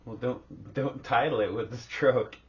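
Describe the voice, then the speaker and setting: A man co-hosting a casual podcast, teasing his co-host in an animated way. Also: medium pitch, a little slow. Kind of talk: casual chat. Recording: dull lo-fi podcast audio.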